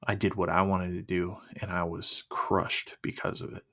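A man sharing his personal faith testimony in an earnest, emotional, halting way. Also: deep voice, level tone, sharp tone.

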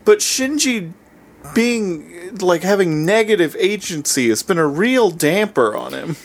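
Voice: medium pitch, unhurried. A friend chatting casually while watching a cartoon, teasing and swearing, with lots of jokes. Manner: joking, swearing, animated storytelling. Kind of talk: casual chat.

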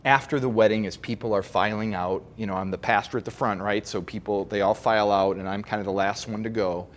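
A male pastor giving a sermon, telling a personal story in a halting, heartfelt way with frequent restarts. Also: on the low side, steady tone.

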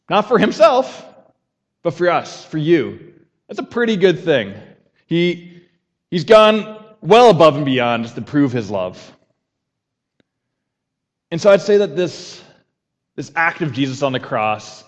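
A man's voice: mid-range voice, long reverb tail. A man preaching a conversational sermon as pastor, repeating a key phrase and having the congregation say it back.

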